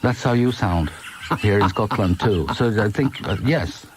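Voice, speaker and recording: A man from Sweden with a fairly low voice talks easily in an interview. His manner is relaxed and teasing, and he trips over his words and restarts often. He sounds like a man in his fifties. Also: measured pace, a little hiss or hum. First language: Swedish. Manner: relaxed, joking, many restarts. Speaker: musician guest. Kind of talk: casual interview chat.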